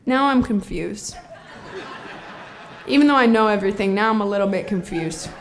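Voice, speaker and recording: A woman's voice: mid-range voice, lively intonation, moderate pace. A woman telling her own recovery story in a blunt, darkly funny way, swearing freely. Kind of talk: candid personal testimony.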